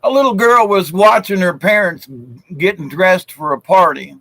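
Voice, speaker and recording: A man's voice: sits high, lively intonation, normal speed, a bit bright, dry recording, rough recording. A man from South Georgia, telling jokes in a folksy, chuckling way on a live stream. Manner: folksy and chuckling, with frequent fillers. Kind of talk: casual joke-telling chat.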